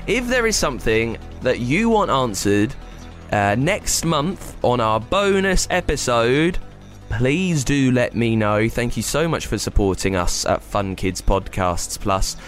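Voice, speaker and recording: A man hosting a children's science podcast, with a slightly gravelly voice, explaining things playfully and speaking straight to young listeners. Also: medium pitch, expressive, unhurried, soft background music.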